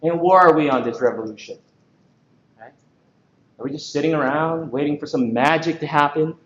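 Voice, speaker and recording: A man from the Philippines giving an energetic conference presentation, lively and joking, full of rhetorical questions. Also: on the high side, normal speed. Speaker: conference speaker. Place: large conference hall. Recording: echoey, dull hall recording.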